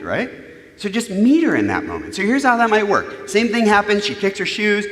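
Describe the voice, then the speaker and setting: A man speaking from a church platform, his voice sitting a little high and swinging widely as he tells stories and slips into other voices. His delivery is loose and funny, built around everyday talk. The sound carries a long, roomy hall reverb. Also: moderate pace. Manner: animated, humorous, acts out quoted voices. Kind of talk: conversational sermon on parenting. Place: church sanctuary.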